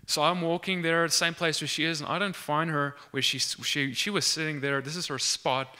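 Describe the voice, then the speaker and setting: A young student shares a faith testimony in a very bright, crisp, clear voice of fairly high pitch, with fairly even intonation and a normal speed. He tells the story earnestly and animatedly, acting out the dialogue and restarting sentences as he goes.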